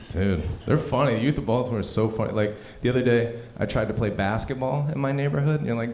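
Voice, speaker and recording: A man in his thirties doing a live stand-up set at a comedy club, telling stories and acting out people in loud, high voices. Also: fast talker, few pauses, a crowd in the background. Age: 30s. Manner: animated storytelling, acts out characters in loud high voices. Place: comedy club stage before a laughing audience.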